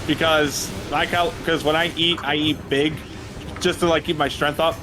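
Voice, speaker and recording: A man's voice: on the high side, little pitch movement, normal speed, background noise. A man joking wryly with friends during a game stream. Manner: wry, joking. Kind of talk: casual chat.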